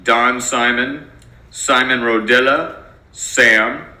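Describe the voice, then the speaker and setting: Man, teacher, playful storytelling lesson, very bright tone, echoey room. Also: medium pitch, steady tone, takes it slowly. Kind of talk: educational narration.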